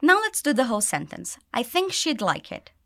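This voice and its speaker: A woman teaching English pronunciation, reading dialogue lines and slowly modelling phrases for learners to repeat. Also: fairly high pitch, big pitch swings, pushed and bright, no room sound, clean studio sound. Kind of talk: pronunciation lesson with repeat drills.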